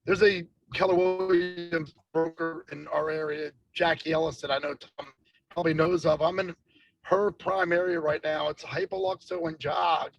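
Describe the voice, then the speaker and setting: A man's voice: on the high side, steady tone, normal speed, gravelly, no room sound, lo-fi sound, faint music behind. A man who leads a real estate team, talking in an upbeat, motivating way during a casual group video call.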